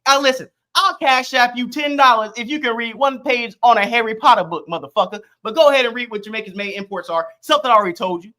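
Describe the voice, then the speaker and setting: A livestream host arguing loudly in a profane, combative way and talking over the other person on a stream mic. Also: mid-range voice, fast, hardly any pauses. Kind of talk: heated online debate.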